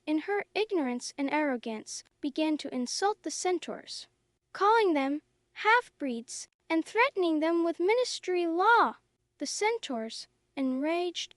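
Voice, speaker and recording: A woman narrating a story in a slow, clear, even reading for English learners. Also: high-pitched, dry recording, studio quality.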